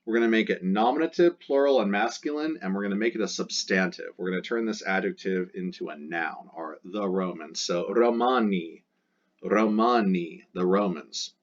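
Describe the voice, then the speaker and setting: A man with a fairly low voice teaches a recorded Latin lesson, relaxed and a little jokey. He slows down and stretches out each Latin word as he goes through the exercises. The recording sounds dull and lo-fi. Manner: casual and jokey, drawls out Latin words slowly.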